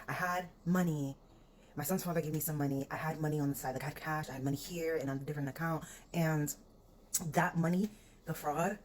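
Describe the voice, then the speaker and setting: Young woman venting, deep-ish voice, cusses a lot, acts out what people said. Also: darkish tone, slight background noise. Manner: candid, swearing, quoting herself. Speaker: vlogger. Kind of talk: venting personal story.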